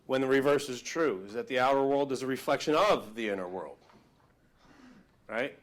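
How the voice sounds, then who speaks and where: A man giving a live motivational workshop talk, telling stories in an animated, emphatic, conversational way. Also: mid-range voice, moderate pace. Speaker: motivational speaker.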